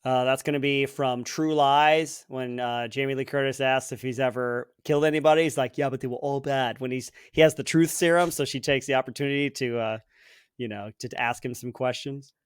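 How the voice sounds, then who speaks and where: A man co-hosting a podcast, guessing movie quotes and recounting scenes with quick laughs. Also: medium pitch, steady tone, clear, resonant tone, dry recording, clean studio sound. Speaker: podcast co-host, quiz contestant. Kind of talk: casual chat.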